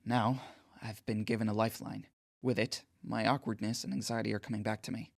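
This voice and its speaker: A man's voice: on the low side, little pitch movement, brisk, vocal fry, dry recording, studio quality. An actor playing an anxious, awkward teenage boy who narrates his own story in an audio drama, speaking in an inward, self-deprecating way.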